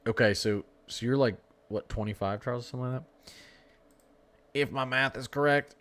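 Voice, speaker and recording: With a medium-pitched, fairly bright voice at a moderate pace, a young livestream weather host chats casually during a severe-weather stream. He jokes around, teases his viewers, responds to chat, and laughs a lot.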